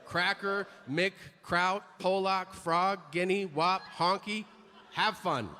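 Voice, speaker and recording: A man's voice: high voice, steady tone, slow, sharp tone. A man doing a stand-up comedy set in a brash, profane, mocking way on a theater stage. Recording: live venue reverb with noise.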